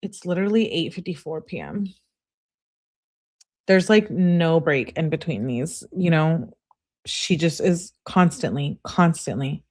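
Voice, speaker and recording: A woman's voice: fairly low pitch, unhurried. Woman streamer reading texts live, chatty little asides. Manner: chatty, animated asides and laughs. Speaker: channel host.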